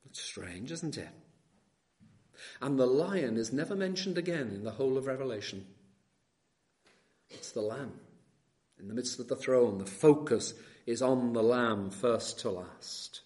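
His voice mid-range, a man preaches expository material, swinging from soft to loud for emphasis and slowing to underline key words while questioning those listening.

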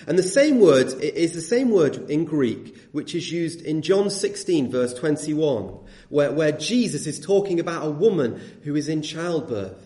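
Male preacher, earnest sermon delivery, mellow tone, echoey room. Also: on the high side, lively intonation, a little slow, few pauses. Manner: earnest, emphatic, rhetorical questions.

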